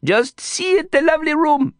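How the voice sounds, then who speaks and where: A man voicing an excitable, eager small street guide, in a storybook reading. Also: extremely high pitch, moderate pace, no echo, clean studio sound, pitched above the performer's own voice. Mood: pleading. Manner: pleading, eager, chattering.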